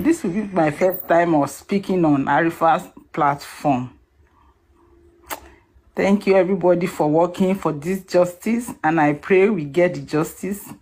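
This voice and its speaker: A woman's voice: deep voice, a little mellow. A woman speaking emotionally in a live audio chat room, singing a song before she talks. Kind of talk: emotional casual talk with singing.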